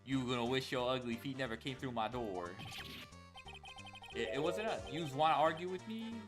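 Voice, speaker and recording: Mob boss for a game dub, gruff street-talking tough guy, lively and pitched up, played by a man, game music behind. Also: moderate pace, natural voice. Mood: furious. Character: brash gruff mob boss, male, middle-aged. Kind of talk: fan voice-over of a video game.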